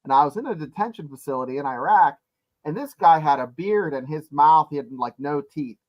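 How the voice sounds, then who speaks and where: Man, podcast guest, joking storyteller, slightly high voice, muffled lo-fi sound. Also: lively intonation, brisk. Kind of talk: casual chat.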